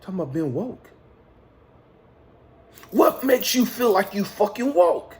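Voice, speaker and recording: A man's voice: high voice, sing-song, measured pace, vocal fry, darkish tone, pitched above the performer's own voice, full character voice. A man voicing a stern male God who questions him, probing and mocking at first, then scolding and swearing. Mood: scolding, heated. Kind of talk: retold dialogue in a motivational monologue.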